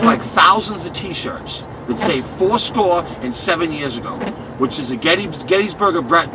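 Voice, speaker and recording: A man from Boston, a cab passenger, gives a heated and profane rant with a slightly high voice that keeps circling back on itself. He sits some way off the mic, half buried under loud road and engine noise inside the taxi. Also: distant mic. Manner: emphatic, profane, repeats himself.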